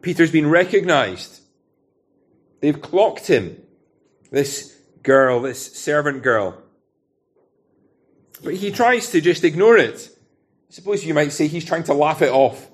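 Brief: Scottish male preacher, expository sermon, conversational, fairly high pitch. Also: lively intonation, a little slow, pauses often. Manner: conversational, asks rhetorical questions.

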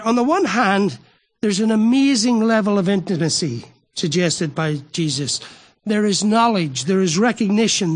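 A man with a notably high voice delivers a sermon. He speaks earnestly and with emphasis, often doubling words as he drives a point home. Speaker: preacher.

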